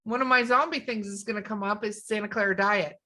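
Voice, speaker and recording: Chatty woman cohost on a podcast, bright tense voice, trails off hunting for names. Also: mid-range voice, steady tone, fast. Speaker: podcast co-host. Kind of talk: casual chat.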